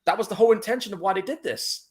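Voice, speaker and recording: A man co-hosting a live movie commentary podcast, agreeable, casual and expressive. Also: sits high, racing. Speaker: podcast co-host.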